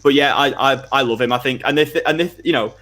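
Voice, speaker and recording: A man's voice: medium pitch, a little fast, sharp tone. A man talking football as a fan on a live stream, rambling with many restarts and fillers.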